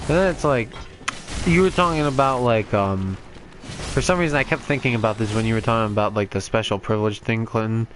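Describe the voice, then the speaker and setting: A man's voice: lowish voice, fairly quick, noisy background. A young man hosting a game playthrough, chatting casually in a rambling way, laughing often and filling gaps with ums and likes. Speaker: gaming channel host. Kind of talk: casual chat while playing a game.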